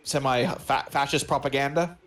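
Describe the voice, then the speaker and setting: A man's voice: medium pitch, fairly even intonation, normal speed, a bit bright. A man co-hosting a movie watch-along, rambling and joking as he searches for words. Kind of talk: casual chat.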